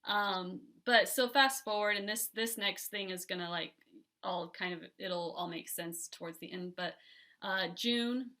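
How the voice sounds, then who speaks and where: A woman from telling a painful personal story as a podcast guest, candid and halting, with many fillers and restarts. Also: medium pitch, sharp tone.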